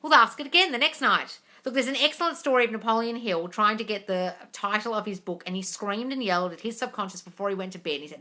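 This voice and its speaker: Woman host on a phone live stream, blunt and brassy, bright cutting voice, swears, calls everyone darling. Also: mid-range voice, quick pace, few pauses. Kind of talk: casual live chat reading viewer questions. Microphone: phone mic on a live stream.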